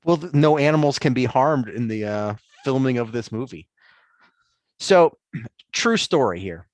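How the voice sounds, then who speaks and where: A man's voice: medium pitch, expressive, measured pace, no echo. A man co-hosting a sports podcast in casual chat, easygoing and hesitant, with many ums. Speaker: podcast co-host.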